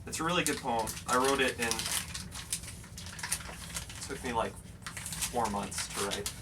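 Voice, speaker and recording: A man speaks slowly in a deadpan comedic interview, earnest and halting, doubling up his words as he goes. His voice sits at an ordinary middle pitch. He sounds distant from the microphone, with clear ambient noise steady behind him. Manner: halting, earnest, stammering repeats. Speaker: interviewee in a mock documentary.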